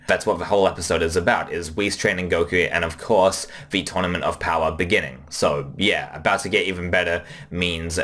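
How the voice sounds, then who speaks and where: A man giving casual video commentary on anime dub changes, talking briskly and reading short quotes aloud between quick asides. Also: on the low side, fairly bright tone.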